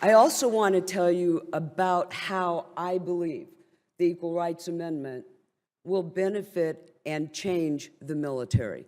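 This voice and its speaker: A woman's voice: lowish voice, measured pace, darkish tone, a faint crowd. An older woman who is a military veteran gives an impassioned, blunt and wryly indignant speech at a briefing. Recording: long hall reverb.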